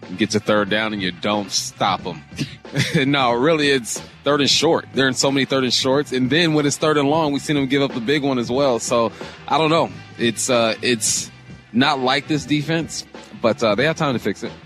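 A man's voice: medium pitch, normal speed, fairly bright tone, soft background music. A man co-hosting a sports radio show, casual and enthusiastic, breaking down football line play plainly. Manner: laid-back, enthusiastic, explains football plainly.

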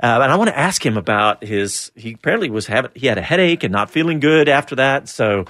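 A man's voice: medium pitch, expressive, fast, a bit bright, no room sound. A man co-hosts a sports radio hour, talking loosely and laughing between his restarts. His voice sits in a middle register and sounds dry and close, with no room around it. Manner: chatty, rambling with restarts and laughs. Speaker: radio show co-host. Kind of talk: casual sports radio chat.

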